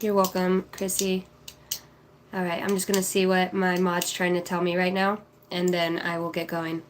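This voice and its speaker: A woman's voice: on the low side, monotone, normal speed, a little hiss or hum. A woman in her thirties, a psychic card reader on a livestream, chatting casually and affectionately as she reads out viewers' names. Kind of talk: casual livestream chat reading comments.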